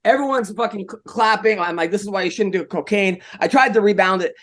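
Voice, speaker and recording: A man hosting a podcast, telling a story in a lively, animated way. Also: high voice, fairly quick. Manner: animated storyteller, jumps into voices. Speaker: podcast host. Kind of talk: casual chat.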